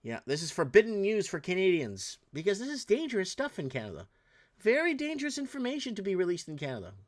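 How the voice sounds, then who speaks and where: Man, podcast host, slightly high voice, exasperated, rambling commentary. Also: wildly swooping pitch, quick pace. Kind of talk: casual news commentary.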